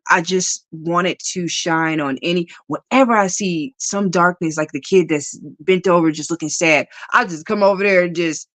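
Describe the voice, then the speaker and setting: A woman's voice: on the low side, normal speed, few pauses, fairly bright tone, no echo. A woman guest in a casual spiritual conversation, talking animatedly, often laughing and acting out the voices she quotes.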